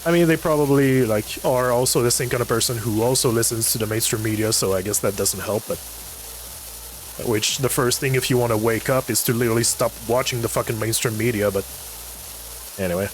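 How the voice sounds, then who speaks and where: A man's voice: medium pitch, a little fast, slight background noise, low-quality recording. A man, ranting on a casual livestream with lots of swearing and fillers. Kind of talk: casual chat while gaming.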